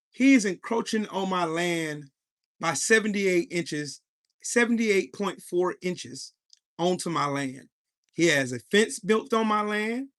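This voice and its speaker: A man's voice: high-pitched, bright, forceful tone. Heated, profane podcast host in his forties. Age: 40s. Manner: heated, profane, talks to his live chat. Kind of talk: live podcast storytelling rant.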